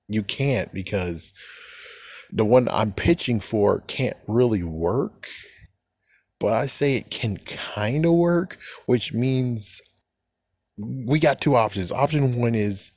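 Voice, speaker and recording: A man's voice: fairly low pitch, no room sound. Rambling young man ranting, dry sound. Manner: rambling, excitable, swears often, mocks imagined critics in quick put-on voices. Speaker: book fan vlogger. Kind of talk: casual rant.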